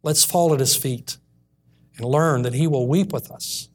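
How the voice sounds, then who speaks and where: A man preaching a sermon in a church, reading scripture aloud and slowing down earnestly on the key lines. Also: medium pitch, a little mellow.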